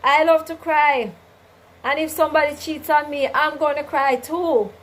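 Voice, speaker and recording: A woman's voice: high-pitched, fairly even intonation, moderate pace, low-quality recording. Preachy woman livestream host. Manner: preachy, faith-driven advice with repeated "you understand?" and "right?". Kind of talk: casual livestream chat, reading viewer comments.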